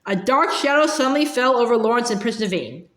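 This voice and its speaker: A woman's voice: fairly high pitch, expressive, brisk. A woman reading a children's novel aloud, narrating with the odd slip and restart. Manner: reads aloud with small slips and restarts. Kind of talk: storybook read-aloud. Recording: echoey room.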